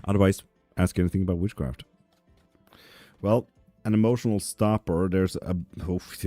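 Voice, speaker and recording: A man's voice: low voice, fairly even intonation, normal speed, warm tone, dry recording, faint music behind. A man hosting a live tarot stream in his apartment, chatting casually and reading out viewer comments with sarcastic, profane humor. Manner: profane, sarcastic, laughs often.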